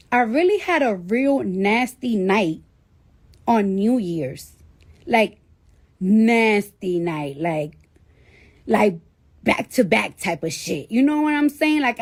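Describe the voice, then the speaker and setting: A woman with a slightly high voice tells a story to her livestream viewers. She rambles and swears freely, with "like" in nearly every sentence, in a casual storytelling tone. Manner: rambling, profane, heavy use of "like".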